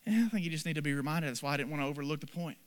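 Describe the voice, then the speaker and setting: A man pastor delivering a sermon in earnest, with repeated short phrases, swinging from soft, low passages to loud ones. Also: racing, clear, resonant tone.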